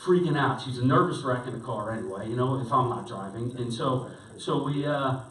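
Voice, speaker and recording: A middle-aged man, a pastor, preaching a sermon by telling a rambling personal story in an animated way, with many restarts. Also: mid-range voice, brisk. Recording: roomy sound picked up from a distance.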